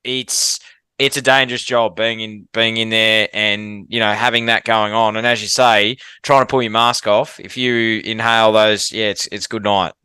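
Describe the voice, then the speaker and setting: An Australian man hosting a podcast, chatty and matey, saying "mate" constantly. His voice is bright and smooth. The sound is dry and close. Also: lowish voice, level tone, normal speed, dry recording. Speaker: podcast host. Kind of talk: casual podcast interview.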